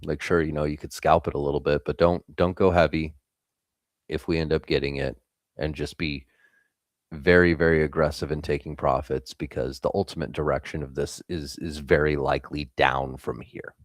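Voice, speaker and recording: A man's voice: very deep voice, little pitch movement, normal speed, no room sound, studio quality. A young man hosting a live trading stream, giving blunt, casual market commentary and swearing freely.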